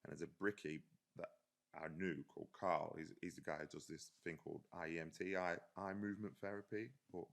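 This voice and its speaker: A man's voice: sits low, steady tone, a little fast, creaky. A man, an army veteran, telling stories in a casual, rambling way and swearing freely. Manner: rambling, swears freely, often says "do you know what I mean". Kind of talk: casual storytelling in a podcast chat.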